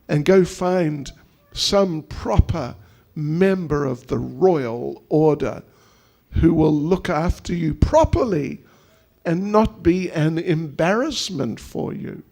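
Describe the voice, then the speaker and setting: A man's voice: fairly high pitch, expressive, slow pace, creaky, darkish tone, full character voice. A man voicing a divine young cowherd prince who teases and then pleads earnestly, speaking with emphatic questions. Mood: teasing. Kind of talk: acted quotes within a sermon.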